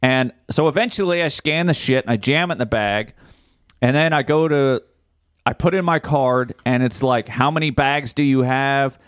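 A man rants his way through a story on a casual podcast, swearing freely and sometimes shouting in anger. His voice sits in an ordinary middle pitch, and the sound is dry and close to the mic. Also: normal speed, no echo. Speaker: podcast co-host. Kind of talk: casual chat.

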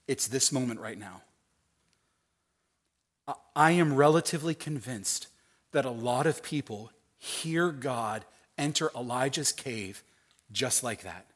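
A middle-aged man preaching a sermon, acting out quoted voices and swinging between hushed, tender lines and loud, emphatic ones. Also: mid-range voice, animated, measured pace, long pauses. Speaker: pastor.

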